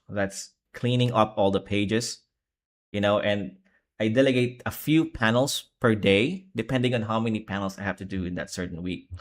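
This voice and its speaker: A sleepy young man streaming as he draws manga, chatting casually in a rambling, laid-back way that keeps correcting itself. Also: lowish voice. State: sleepy, low energy. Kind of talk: casual live-stream chat while drawing.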